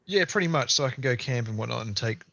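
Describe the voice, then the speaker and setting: Bright-voiced laid-back Australian man. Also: mid-range voice, lively intonation, fast, vocal fry, lo-fi sound, a little hiss or hum. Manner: laid-back, dry jokes, chuckles mid-sentence. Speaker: podcast co-host. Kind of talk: casual chat.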